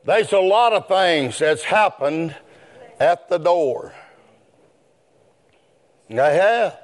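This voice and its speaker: A man preaching a sermon, rising into chanted shouts. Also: sits high, animated, extremely slow.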